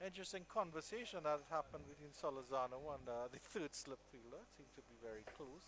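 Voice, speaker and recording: A man doing live cricket commentary, measured between balls and loud and excited on big shots. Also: fairly high pitch.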